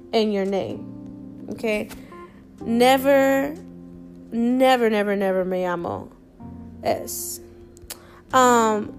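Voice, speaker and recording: Woman Spanish tutor, podcast lesson, slightly high and gravelly, soft music underneath. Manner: patient, repeats phrases slowly with frequent ums. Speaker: Spanish teacher.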